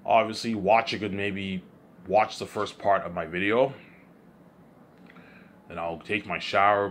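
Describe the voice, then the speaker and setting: A man's voice: low-pitched, pushed and bright, slight background noise. A young man rambling in a casual vlog monologue, stumbling over repeated words and often checking whether the listener follows. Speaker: vlogger.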